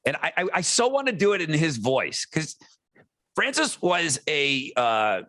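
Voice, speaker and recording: Middle-aged guy cohosting a podcast, bright punchy voice, dry close sound, just chatting. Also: a little high, sing-song, a little slow, no room sound. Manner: loose, chatty, reads listener messages aloud. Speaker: podcast co-host. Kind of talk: casual chat.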